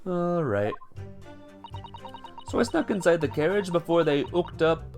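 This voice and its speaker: Picture a scrappy, streetwise Cockney girl pickpocket, as a man puts her on while reading a game aloud. Her voice jumps up high and swings through a lively, animated pitch, full of slang and dropped endings. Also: a little slow, faint music behind. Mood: chatty.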